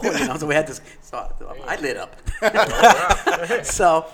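Lively middle-aged man telling a story. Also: fairly high pitch, takes it slowly, slight background noise. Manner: animated, acts out quoted voices. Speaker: podcast co-host. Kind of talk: casual storytelling.

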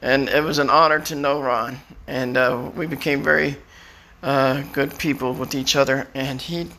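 A man's voice: mid-range voice, fairly even intonation, moderate pace, creaky, pushed and bright, a little hiss or hum. A man rambling through personal stories in a casual way, repeating words and chuckling as he goes. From Florida. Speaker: storyteller.

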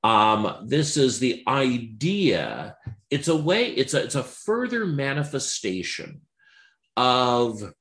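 Male commentator, mid-pitched, dry wit, loose filler-heavy delivery. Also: sing-song, slow, fairly bright tone. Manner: wry, digressive, many ums and uhs. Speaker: political commentator. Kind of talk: unscripted political commentary monologue.

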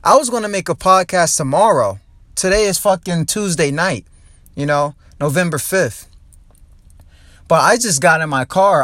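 A man's voice: fairly high pitch, fairly bright tone, no room sound. A young man from New Jersey, a comedian hosting his own podcast, ranting heatedly and with lots of profanity from his car. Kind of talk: angry ranting podcast monologue.

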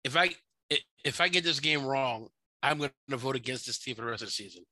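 Male podcast co-host, bright and forceful tone, joking and playful. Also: mid-range voice, fast talker, dry recording, rough recording. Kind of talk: casual sports chat.

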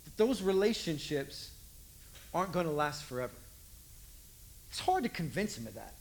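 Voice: mid-range voice, big pitch swings, normal speed, pauses often, slight background noise. Conversational preacher, emphatic repetition. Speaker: pastor. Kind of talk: sermon.

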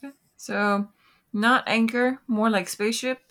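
A woman's voice: fairly high pitch, steady tone, a little slow, fairly bright tone. A sleepy woman co-hosting a casual podcast chat, giving short replies and making fun of herself. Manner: short agreeing replies, self-mocking. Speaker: podcast co-host.

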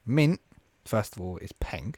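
A man's voice: fairly low pitch, sing-song, measured pace, darkish tone, no echo. Young man bantering in slang. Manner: banter-heavy, laughs often, slangy. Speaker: podcast host. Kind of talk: casual chat with friends.

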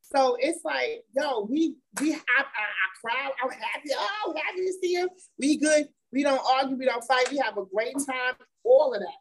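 The audio is poor, but this high-pitched woman talks at a moderate pace with few pauses. Speaking as an incarcerated man's wife, her testimony is candid and emphatic, with repeated words and laughter woven through.

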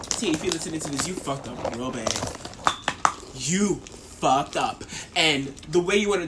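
A young woman co-hosting a podcast, telling a story in casual chat with animated, profane ranting. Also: lowish voice, a little hiss or hum. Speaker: podcast co-host.

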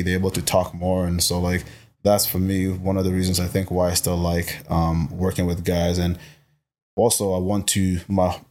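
A young man from Botswana talks as a guest in a relaxed interview, his voice sitting fairly low. He speaks emphatically and with animation, often repeating words as he works out what he means. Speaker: guest, personal trainer. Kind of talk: casual interview chat.

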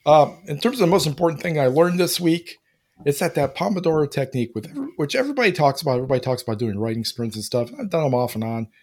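A man co-hosting a writing podcast, talking in a thoughtful, unhurried way and searching for words. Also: a little high, lively intonation. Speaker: podcast co-host. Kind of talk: casual chat.

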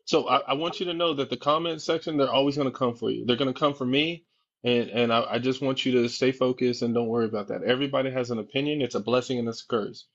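Calm man hosting a live discussion. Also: medium pitch, fast talker. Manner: calm, reassuring, probing questions. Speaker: host. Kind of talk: live social media discussion. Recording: dull lo-fi audio.

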